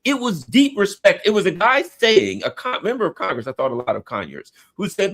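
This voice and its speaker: A middle-aged man hosting a political commentary stream, telling stories in an animated way and acting out what people said. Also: sits high, a little fast, few pauses. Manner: animated storyteller, acts out quotes. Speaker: host. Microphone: remote stream call.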